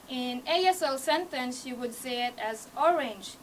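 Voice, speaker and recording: A woman's voice: high-pitched, measured pace, few pauses, distant mic, a little hiss or hum, rough recording. A woman from Hawaii with a Hawaii accent giving a classroom speech that teaches sign language basics, guiding her audience step by step in slightly non-native phrasing. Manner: encouraging, leads the audience through each step; non-native phrasing, small grammar slips. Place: university media room. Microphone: camcorder from across the room.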